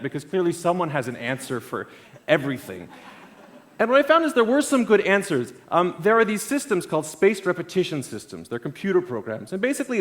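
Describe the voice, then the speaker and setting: A man giving a storytelling keynote talk at an event. He swings between loud bursts and quiet asides. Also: a little high. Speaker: conference speaker. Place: event stage.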